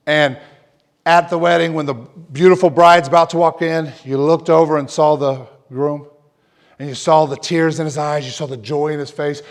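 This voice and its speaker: A man preaching an emotional personal testimony as a pastor, dropping to near whispers and then rising loud and fervent. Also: on the high side. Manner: emotional testimony, swings from hushed to loud, repeats himself. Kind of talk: sermon.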